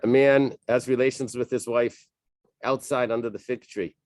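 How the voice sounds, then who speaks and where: A man leading a Talmud study class, reading Aramaic passages and translating them in a casual, halting way with many fillers and restarts. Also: mid-range voice, steady tone, a little mellow, dry recording. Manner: casual, thinking aloud.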